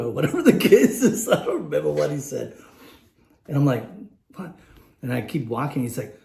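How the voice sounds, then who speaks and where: A man's voice: mid-range voice, animated, moderate pace, vocal fry, long pauses, warm tone. Candid middle-aged man, echoey room. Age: late 40s. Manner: rambling, candid, many fillers and restarts. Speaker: vlogger telling a personal story. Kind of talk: unscripted personal storytelling. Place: indoors, warm room.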